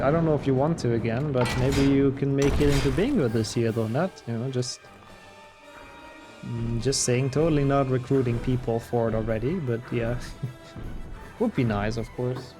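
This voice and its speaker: A man's voice: medium pitch, moderate pace. A man streaming a video game, chatting casually and answering his chat as he plays. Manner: reads and answers chat while playing, relaxed and chatty. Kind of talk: casual live-stream chat over gameplay. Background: game music.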